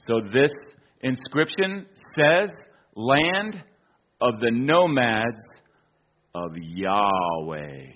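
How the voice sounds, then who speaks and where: An American man with a medium-pitched voice tells a travel story while presenting an archaeology slideshow, keeping the talk casual and full of fillers and restarts. The recording sounds lo-fi.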